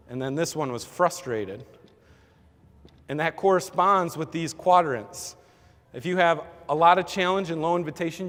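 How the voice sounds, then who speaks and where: A man with a fairly high voice gives a relaxed, chatty teaching talk to a church team, peppering his points with "like" and "kinda." His voice rings with a long reverb, as if recorded in a big hall. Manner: conversational, lots of "like" and "kinda".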